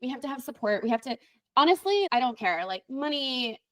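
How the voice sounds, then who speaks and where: A woman's voice: high voice, sing-song, a little fast, no room sound. A woman hosting a podcast as a lactation consultant, talking earnestly and repeating phrases for emphasis. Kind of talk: casual podcast conversation.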